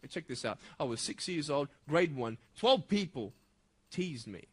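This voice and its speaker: A man delivering a motivational speech at a school assembly, emphatic and swinging from loud bursts to hushed intensity. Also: medium pitch, lively intonation, moderate pace, breathy edge. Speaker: motivational speaker.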